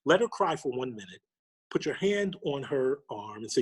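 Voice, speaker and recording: A middle-aged man from New York, a podcast guest, telling a personal story with lively quoted dialogue. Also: medium pitch, moderate pace, slightly rough. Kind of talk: storytelling interview.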